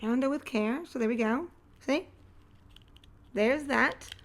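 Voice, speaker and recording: Chatty woman vlogger, slightly high voice. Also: slow pace. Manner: chatty, thinks aloud, excited squeals. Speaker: nail art vlogger. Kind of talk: casual unboxing and nail tutorial chat.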